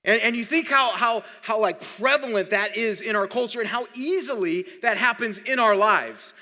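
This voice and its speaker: A man's voice: sits high, normal speed, bright, forceful tone, long reverb tail. A man preaching a sermon as pastor, conversational and often repeating words while he thinks. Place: church hall.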